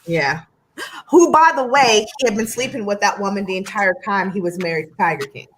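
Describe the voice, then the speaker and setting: A woman's voice: medium pitch, lively intonation, fairly quick, a little hiss or hum, rough recording. An American woman co-hosting a casual chat, rambling through stories with many ums and asides. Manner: chatty, many ums,喜 tangents. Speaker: co-host.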